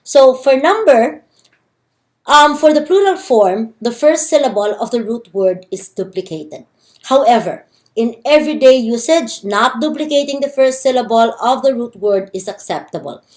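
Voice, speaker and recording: A woman with a Filipino accent teaching a recorded grammar lecture. Her voice sits a little high, and she spells out each rule patiently, repeating examples and slowing down on key syllables. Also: animated, darkish tone. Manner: slow, careful explanation with repeated examples. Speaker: language teacher.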